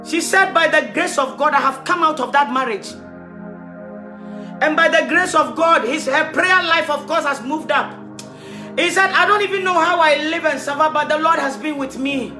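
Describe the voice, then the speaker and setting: A woman preacher giving an impassioned livestreamed sermon, rising to loud exhortation. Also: high voice, moderate pace. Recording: roomy livestream audio, faint music.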